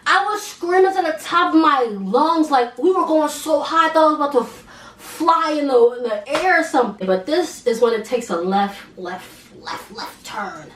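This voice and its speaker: Young female vlogger, high pitch, animated slangy storytelling, roomy and slightly distant sound. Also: moderate pace, a little hiss or hum. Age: young adult. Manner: animated, slangy, laughs while telling. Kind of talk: casual storytime.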